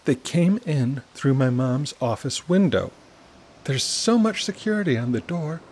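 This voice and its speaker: A man's voice: medium pitch, darkish tone, slight background noise, lightly acted. A man voicing a young girl who is her friend's angry best friend, speaking in an icy, clipped way.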